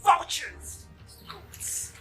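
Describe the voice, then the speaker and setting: A woman's voice: very slow, sharp tone, faint music behind, full character voice, low-quality recording. An actress with a Nigerian accent playing a rowdy, foul-mouthed woman doctor who hurls insults. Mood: abusive. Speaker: film actress. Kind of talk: Nollywood film acting.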